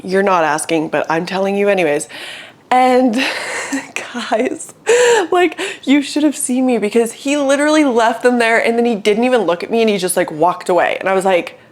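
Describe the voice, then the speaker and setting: A young woman talks casually to her camera in her apartment. She tells stories with constant "like"s and plenty of casual swearing, at an everyday middle pitch. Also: moderate pace. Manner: chatty storytelling, frequent swearing and "like". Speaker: vlogger and fitness brand founder. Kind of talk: casual vlog chat.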